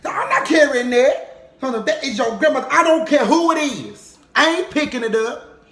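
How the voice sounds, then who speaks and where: A man voicing an indignant middle-aged auntie who flatly refuses to carry a casket, protesting loudly and emphatically. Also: extremely high pitch, voice pushed up, exaggerated voice. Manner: loud, emphatic, drawn-out protests. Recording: roomy echo.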